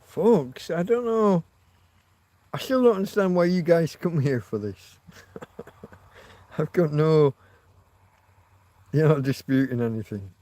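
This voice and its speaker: Slow, rambling male livestream host. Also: a little high, expressive, mellow, no room sound. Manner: meandering, reacts to chat, self-mocking asides. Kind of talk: rambling livestream chat with viewers. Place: living in Spain.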